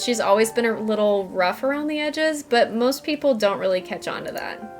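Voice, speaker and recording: Lady doing a dry teasing townie lady, kinda high voice, game music under it. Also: lightly acted. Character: wry woman, town local with a dog.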